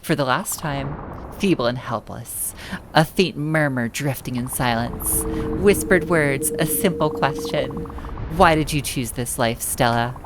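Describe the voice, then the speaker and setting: Woman doing a grave, deep-toned death figure for a game read-through; measured and hushed. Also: noisy background. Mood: solemn. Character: solemn voice of death, ageless and calm.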